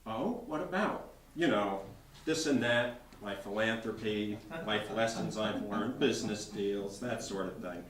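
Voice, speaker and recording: A man voicing a brash, blustering wealthy older man, talking loudly, read aloud in a bookstore. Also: fairly low pitch, a little slow, slight background noise. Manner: loud, blustering. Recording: roomy bookstore from far off.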